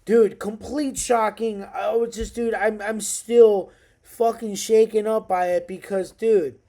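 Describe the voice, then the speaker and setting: Excitable, profane man in his thirties. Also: high voice, takes it slowly. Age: 30s. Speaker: MMA fight recap vlogger. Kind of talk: casual fight recap monologue.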